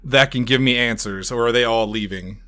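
A man's voice: mid-range voice, moderate pace, pushed and bright. A man casually playing a tabletop game, chatty and playful. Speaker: player.

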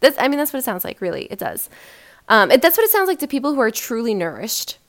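A woman's voice: fairly high pitch, wildly swooping pitch, quick pace, fairly bright tone. A woman hosting a casual solo podcast, chatty and emphatic, with lots of fillers and rhetorical questions. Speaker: podcast host.

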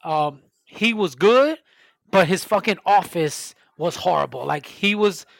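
A man's voice: high voice, animated, a little slow, gravelly, dry recording. Podcast host, man, casual profane ranter, dry mic. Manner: profane ranting storytelling. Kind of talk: casual chat.

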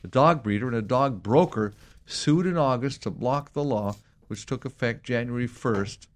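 A man co-hosting a casual talk show, rambling and excitable, with many restarts and repeated words. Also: mid-range voice, normal speed. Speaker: co-host.

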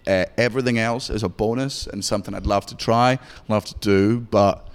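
A Scottish man in his thirties, a stand-up comedian in interview who talks in a profane, rapid storytelling way. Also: on the low side, steady tone, clean tone, in a large hall. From Scotland. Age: 30s. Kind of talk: candid interview chat.

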